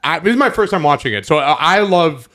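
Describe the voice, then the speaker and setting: A man in a casual podcast chat, telling loose, animated stories in a chatty way. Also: fairly high pitch, fairly quick.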